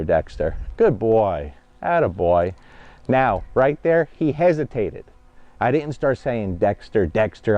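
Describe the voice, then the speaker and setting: Plain-spoken and direct, a New Jersey dog trainer records an instructional vlog while training a dog, conversationally checking that viewers follow with frequent "okay?" and "guys." His mellow, mid-pitched voice sounds dull and muffled, as if through a half-broken mic, and the sound is dry with almost no room echo.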